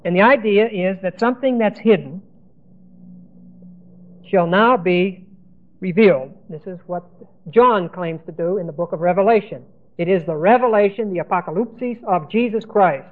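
High-voiced man teaching Scripture, lo-fi. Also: normal speed. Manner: spells out Greek words letter by letter, repeats key terms. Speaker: Bible teacher. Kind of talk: Bible lesson sermon. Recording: tinny phone-like lo-fi recording.

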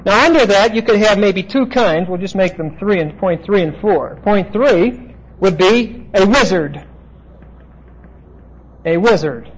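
Man, high voice, Bible lecture, halting with fillers, classroom, dull lo-fi recording. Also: lively intonation, husky. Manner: explanatory, halting with frequent "uh" fillers. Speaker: Bible teacher.

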